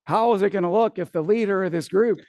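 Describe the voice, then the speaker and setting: A middle-aged man speaks from a seminar stage in a fairly high voice. He tells a story with casual swearing and acts out his own panic. The sound is dry and close. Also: fast talker, a little mellow, no room sound. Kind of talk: live seminar talk.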